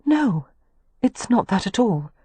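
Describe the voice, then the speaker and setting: A woman narrator voicing a sharp, skeptical young lady companion with a prim, questioning manner. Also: medium pitch, big pitch swings, takes it slowly, husky, no room sound, voice pushed up, exaggerated voice. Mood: flustered.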